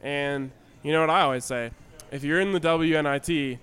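Dude on a sports podcast, deadpan jokes, smooth clear voice, slightly high. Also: male voice, normal speed, soft background music. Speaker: podcast panelist. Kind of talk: casual sports chat.

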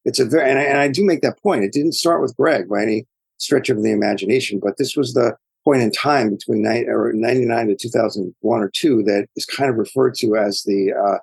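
A man's voice: medium pitch, a little fast, vocal fry, slightly rough, dry recording, rough recording. A man answering interview questions as an author guest, speaking in a thoughtful, digressive storytelling way.

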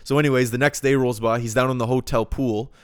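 Young male podcast host, rambling storyteller, smooth and dry. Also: medium pitch, fairly even intonation, fast, no echo. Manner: rambling storyteller with many restarts. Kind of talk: casual chat.

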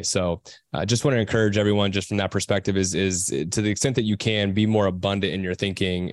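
A man's voice: on the low side, no room sound. A man speaking as a panelist in a round table discussion, stumbling over restarts before encouraging listeners. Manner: hesitant restarts, then encouraging.

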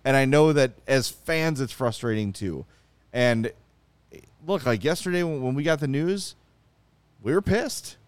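A man's voice: medium pitch, expressive, a little slow, pauses often, clean tone, no echo. A man with a Chicago accent hosting a sports podcast, talking casually and swearing in frustration. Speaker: podcast host.

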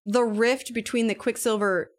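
A young woman co-hosting a podcast, recapping scenes briskly with a wry, matter-of-fact tone. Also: fairly high pitch, steady tone. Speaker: podcast co-host. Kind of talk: casual chat.

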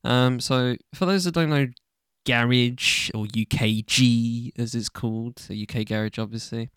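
Young man, podcast host, from the UK, smooth clear voice, dry close sound, rambling, lots of ums. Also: medium pitch, steady tone, unhurried, a bit bright, dry recording. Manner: rambling, loose, swears casually, many ums. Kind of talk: casual solo podcast monologue.

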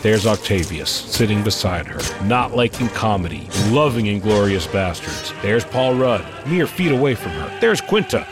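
A man's voice: lowish voice, big pitch swings, moderate pace, few pauses, over music. A man narrating a story in a playful, mock-dramatic way. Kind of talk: dramatic narration over music.

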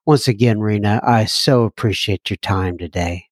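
A man's voice: lowish voice, normal speed, no room sound, studio quality. A man hosting a recovery podcast, talking casually, reading listener mail, laughing often and slipping into a joking French accent. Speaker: podcast host.

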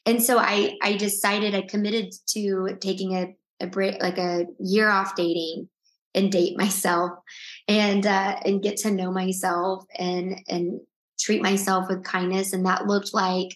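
A woman's voice: mid-range voice, level tone, unhurried, echoey room. A woman, the guest in an interview, telling a personal story with earnest feeling and frequent restarts.

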